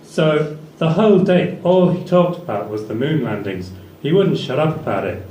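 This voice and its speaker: A man's voice: on the high side, animated, moderate pace, dark tone. A man doing a stand-up set in a small comedy venue, rambling in a dry tone with fillers. His voice rings through an echoey room and is picked up from a distance. Faint ambient noise sits underneath.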